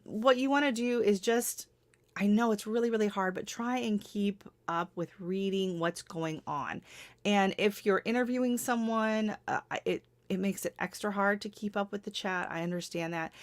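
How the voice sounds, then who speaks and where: A woman's voice: medium pitch, fairly bright tone. A middle-aged woman hosting a livestream, giving casual advice in a rambling, chatty way with frequent laughs and self-corrections. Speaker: livestream host.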